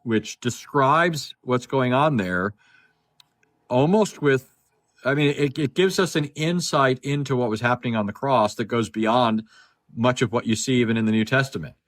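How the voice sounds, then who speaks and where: A man tells a story on a phone video call, in a relaxed, chatty way. He repeats himself often and acts out both sides of a conversation. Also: mid-range voice, normal speed. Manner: chatty, repeats words, acts out quoted dialogue. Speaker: guest speaker. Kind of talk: casual storytelling in a live discussion.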